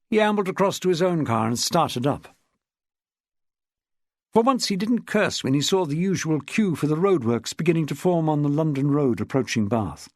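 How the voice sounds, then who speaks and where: A man narrates a crime audiobook with a husky, slightly breathy voice. His pitch moves a lot, and the sound is dry and close. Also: no echo. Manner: measured, expressive storytelling. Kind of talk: scripted narration.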